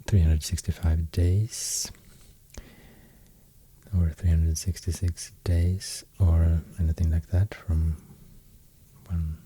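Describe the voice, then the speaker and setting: A man with a Swedish accent giving a soft-spoken ASMR talk, half-whispering and pausing often with fillers. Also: low-pitched, little pitch movement, slight background noise. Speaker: ASMR host explaining runes.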